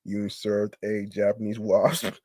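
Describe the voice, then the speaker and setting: A man's voice: on the low side, monotone, takes it slowly, mellow, dry recording. A man hosting a podcast, reading a news story aloud and reacting in disbelief, with stumbling restarts and repeated words. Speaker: podcast host.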